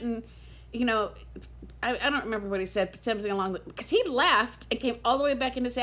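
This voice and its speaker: A woman in her fifties chats candidly to her camera in a casual vlog, her voice sitting a little high. She sounds tired and close to tears, but she keeps talking openly and frankly. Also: quick pace, fairly bright tone. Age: 50s. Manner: candid, chatty, emotional, near tears. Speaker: vlogger.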